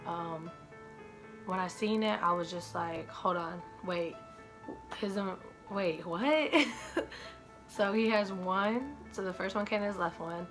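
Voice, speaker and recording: A young woman with a slightly low voice talks straight to her viewers, halting and fighting back tears. Her speech is full of ums and likes, broken off and restarted. Faint music plays quietly under her voice. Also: fairly even intonation. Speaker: mother vlogger. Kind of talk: emotional personal vlog to viewers.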